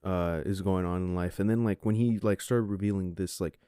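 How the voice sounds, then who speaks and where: Man, 20s, podcast host, rambling casual story, fairly low dark voice, dry close sound. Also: fairly even intonation, fairly quick, smooth, dry recording. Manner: rambling, full of "like" and "you know" fillers.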